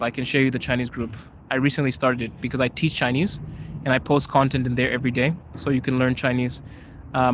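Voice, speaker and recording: This podcast host is a young man from Zimbabwe with a mid-range voice, chatting live and casually replying to viewers. Laughter comes often, he shifts between English, Chinese and Russian, and there is slight background noise.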